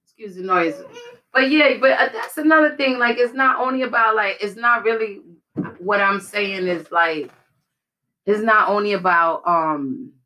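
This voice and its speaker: Bright-voiced woman hosting a casual chat. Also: medium pitch, a little slow, low-quality recording. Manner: frank, swears casually, laughs often. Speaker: podcast host. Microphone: video call.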